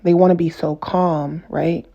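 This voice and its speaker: A woman vlogger speaks to camera in an earnest, casual personal monologue, repeating and rephrasing herself to build emphasis. Her fairly low, warm voice has a level tone, measured pace and vocal fry, and the audio sounds dull.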